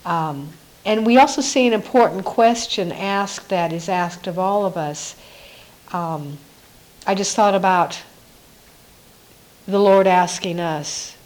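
A woman giving a reflective devotional Bible teaching, musing aloud with soft laughs. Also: fairly low pitch, slow, pauses often, low-quality recording.

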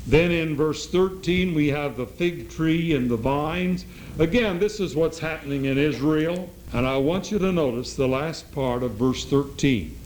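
Earnest guy preaching a sermon, slow and deliberate, bit of a higher voice, faint hiss behind. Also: darkish tone, poor audio. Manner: earnest, reads scripture aloud with slow emphasis.

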